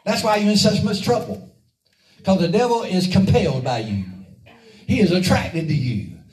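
Fervent high-voiced preacher. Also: male voice, lively intonation, normal speed, darkish tone. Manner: fervent, rhythmic, drives the congregation to repeat after him. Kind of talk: call-and-response sermon. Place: church service. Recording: echoey church audio from a distance.

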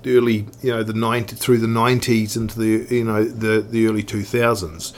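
A man's voice: lowish voice, little pitch movement, brisk, slight background noise. A middle-aged man with a New Zealand accent, a guest telling stories in a casual podcast chat, rambling with lots of restarts and fillers. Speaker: guest, snowboard industry veteran.

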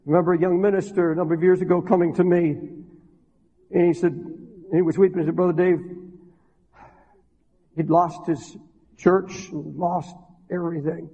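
A man preaching as a pastor to a congregation in an impassioned sermon, with a husky voice that rises to loud pleading. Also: sits high, level tone, brisk. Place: church hall. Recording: dull reverberant hall recording.

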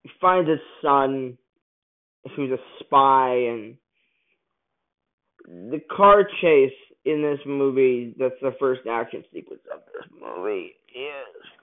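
A man angrily ranting through a movie review, swearing often and bursting out loudly now and then. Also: mid-range voice, expressive, slow. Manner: angry, profane ranting with sudden loud outbursts. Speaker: film reviewer. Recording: tinny phone-like sound.

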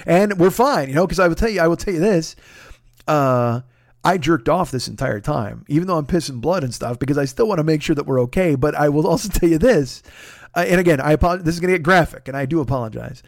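Guy podcast host, kinda high pitched, cursing a lot, rambly confessional storytelling. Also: animated, fast talker, dry recording, studio quality. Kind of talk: casual monologue storytelling.

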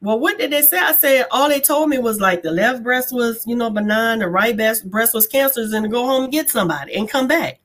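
Woman guest, lively colloquial storyteller, acts out dialogue, pitch a bit high. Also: a little fast, hardly any pauses. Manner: laughs while telling. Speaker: guest sharing a testimony. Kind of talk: casual storytelling chat.

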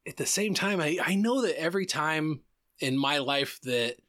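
A man's voice: on the high side, expressive, moderate pace, a bit bright, no echo, clean studio sound. A man in casual podcast conversation, thinking aloud reflectively with frequent restarts. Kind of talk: casual chat.

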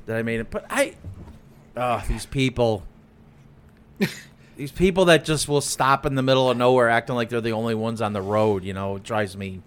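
A man's voice: medium pitch, normal speed, long pauses, slight background noise. A man co-hosting a podcast in casual chat, telling stories with lots of swearing and acting out what people said. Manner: animated storytelling, swearing, acts out quotes loudly. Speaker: podcast co-host.

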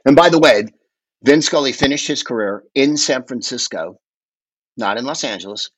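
A podcast guest in casual chat, he rambles from one story to the next with animated, profane energy. His voice sits at an ordinary middle pitch. The recording is dry and a little dull and lo-fi. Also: normal speed, breathy edge, no room sound.

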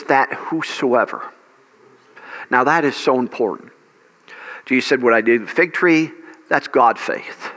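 A man's voice: medium pitch, a bit bright, long reverb tail. A male pastor preaching a sermon, emphatic, repeating key words and putting questions to his congregation. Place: church sanctuary.

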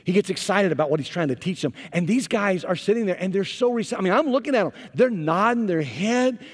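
Animated preacher in a reverberant hall. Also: male voice, high-pitched, fairly quick. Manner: animated storytelling, volume rising and falling. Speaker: pastor. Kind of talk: sermon. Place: church sanctuary. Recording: long reverb of a large hall.

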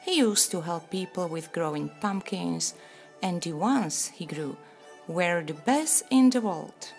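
Woman narrator, storybook reading, slow, gravelly, faint background music. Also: lowish voice, a little mellow.

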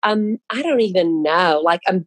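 This guest author, a woman with a lowish voice and moderate pace, recounts writing and releasing her book casually and earnestly, restarting frequently as she animatedly tells it. The recording is dry and low-quality.

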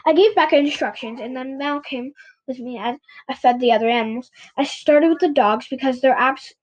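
A woman reading a children's chapter book aloud in a high voice. She often stumbles on a word and goes back to correct herself. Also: brisk. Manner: frequent stumbles and self-corrections. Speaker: reader.

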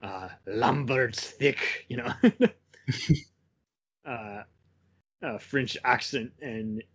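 A young man talks films in a loose, rambling way, breaking into laughter between thoughts. His voice sits at an ordinary middle pitch. It's relaxed podcast chatter among friends. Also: very slow, husky. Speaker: podcast co-host. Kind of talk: casual film chat.

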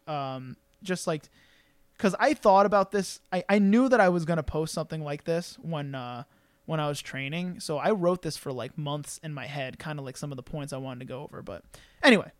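A man's voice: on the high side, lively intonation, moderate pace, no room sound. A young man hosting a podcast, telling an emotional personal story in an earnest way, with many fillers and restarts. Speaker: podcast host.

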